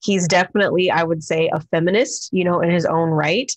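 A woman hosting a podcast, talking in a relaxed, reflective way. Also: lowish voice, a little fast, no echo. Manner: relaxed and reflective, many fillers. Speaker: podcast host. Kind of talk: casual podcast conversation.

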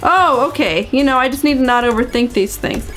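High-voiced chatty young woman gamer. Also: fairly quick, fairly bright tone, faint music behind. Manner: chatty, exclamatory, many "like"s. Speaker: gaming video host. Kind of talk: let's play commentary.

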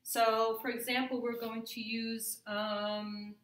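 A woman walks her students through a grammar lesson, slow and patient, often checking whether they follow. Her voice sits a little high and sounds bright. The room around her is echoey. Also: little pitch movement. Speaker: French teacher.

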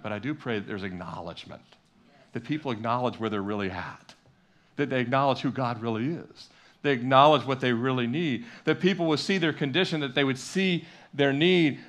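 A man's voice: mid-range voice, fairly bright tone. Man preaching a conversational sermon. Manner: conversational preaching with repetition and quoted dialogue. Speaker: pastor. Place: church sanctuary.

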